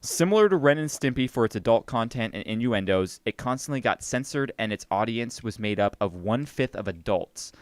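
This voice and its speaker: A man's voice: mid-range voice, expressive, brisk, few pauses, no room sound. A man hosting a casual podcast chat, talkative and reading out show facts between jokes. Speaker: podcast host.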